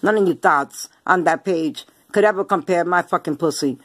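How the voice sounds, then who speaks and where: A vlogger with a lowish voice rants angrily at her viewers at a moderate pace, taunting and confrontational. Her slang-heavy street talk is packed with swearing and repeated lines, and the recording is dry.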